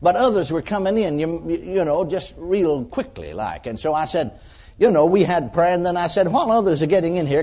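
A man preaching a sermon to a congregation, telling a story in a folksy, animated way. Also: fairly high pitch.

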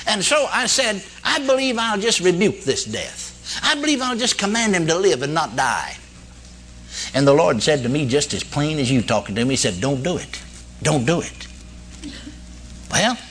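A man's voice: on the high side, fairly bright tone, slight background noise. A man preaching a sermon to a congregation, telling a story in a folksy way and asking "amen?" and "you see?". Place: church meeting hall before a congregation.

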